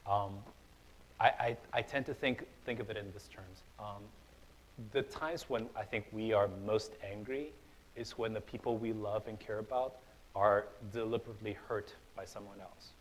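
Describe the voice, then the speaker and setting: A man's voice: fairly low pitch, steady tone, moderate pace, slight background noise, low-quality recording. Casual young man preaching a sermon. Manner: casual, conversational preaching with fillers and repeated starts; builds to loud, emphatic passages. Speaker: pastor. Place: church hall.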